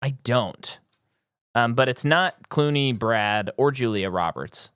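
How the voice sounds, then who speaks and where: A man's voice: medium pitch, lively intonation, slow pace, a bit bright, clean tone, no echo. A man co-hosting a podcast in casual movie chat, rambling with many ums and easy laughs. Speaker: podcast co-host.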